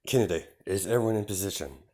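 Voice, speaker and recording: A man voicing a calm young werewolf alpha who threatens quietly. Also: on the low side, fast, lightly acted. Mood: cool. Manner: cool and threatening.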